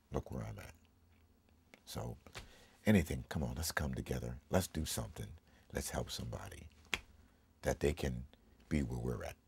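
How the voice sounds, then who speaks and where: Very deep, husky middle-aged pastor. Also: male voice, a little mellow, dry recording. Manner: emphatic, preacherly delivery; emotional, tearful at times. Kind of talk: heartfelt personal testimony.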